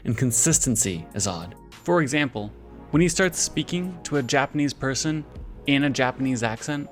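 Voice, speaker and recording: A man giving a measured, analytical scripted narration for a video essay. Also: a little high.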